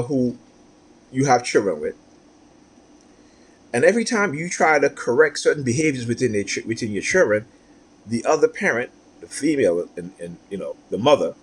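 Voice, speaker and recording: Husky aggrieved man venting. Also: medium pitch. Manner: aggrieved, repetitive, rhetorical "right?" asides. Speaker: vlogger. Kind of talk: personal monologue.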